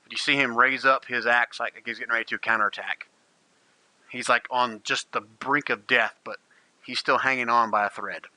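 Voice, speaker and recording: A man in the game master's seat, narrating a tabletop battle with vivid, gleeful relish. His voice is very bright and forward. It sounds close and dry, with no room around it. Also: medium pitch, steady tone, moderate pace, no echo, poor audio.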